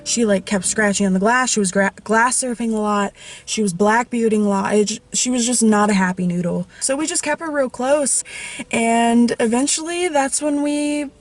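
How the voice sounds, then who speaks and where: Woman vlogger, slightly high voice, casual emotional storytelling, tearful at times. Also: normal speed, low-quality recording. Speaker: YouTube vlogger.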